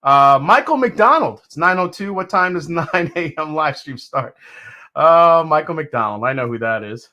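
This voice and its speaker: A man's voice: a little high, expressive, normal speed, sharp tone. A man hosting a live stream, from New York, chatting casually and greeting viewers one by one. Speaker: host.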